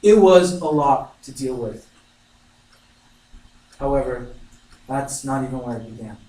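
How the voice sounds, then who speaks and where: Heard from a far-off mic in an echoey room with faint background noise, a young student tells a heartfelt personal story in an earnest, emotional speech. His medium-pitched, mellow voice has lively intonation and moves a little slowly.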